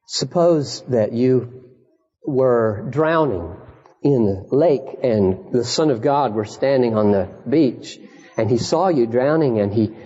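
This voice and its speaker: A man preaching a sermon with passion, swinging from high, emphatic peaks down to hushed storytelling. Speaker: pastor. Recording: dull archival sermon recording in a reverberant hall.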